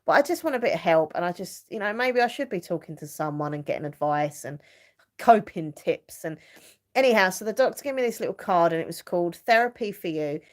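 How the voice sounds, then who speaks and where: A woman's voice: on the low side, animated, brisk. A middle-aged woman rambling chattily as a live stream host, full of fillers and ready laughs. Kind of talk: casual chat.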